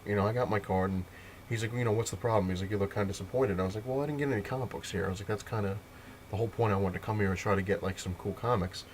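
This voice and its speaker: A man's voice: fairly low pitch, very fast, slight background noise. A man, telling a rambling, filler-heavy story to camera in his own casual vlog. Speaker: comic collector vlogger.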